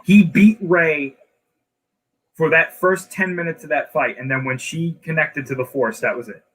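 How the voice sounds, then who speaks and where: A man's voice: on the high side, normal speed, a bit bright, low-quality recording. Man making his case in chat. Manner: argumentative, explains at length. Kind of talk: casual chat.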